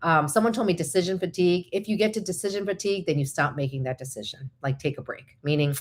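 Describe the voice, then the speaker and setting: A woman vlogger giving casual, encouraging and practical advice, chatty with quick asides. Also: fairly low pitch. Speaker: vlogger host.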